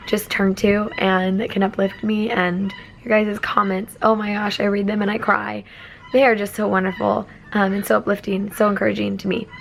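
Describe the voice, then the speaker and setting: A woman's voice: mid-range voice, gravelly, slight background noise, rough recording. A young woman chatting casually to her phone camera at home, rambling and self-deprecating. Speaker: vlogger and foster mom. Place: home, indoors.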